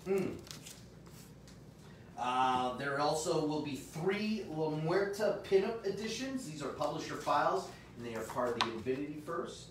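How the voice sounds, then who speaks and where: A man hosting a comic book sales livestream, with upbeat salesman patter and sudden loud shout-outs. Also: on the high side, lively intonation, measured pace, a little hiss or hum. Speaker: host of a comic shop livestream. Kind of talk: live sales stream chat. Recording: echoey room, mic far off.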